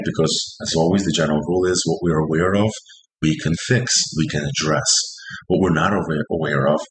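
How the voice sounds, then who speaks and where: A man's voice: low-pitched, fairly bright tone, roomy sound, poor audio. A man hosting a podcast who explains couple dialogues in an earnest, instructive way and acts out example lines. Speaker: couples therapist and podcast host. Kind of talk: podcast monologue teaching.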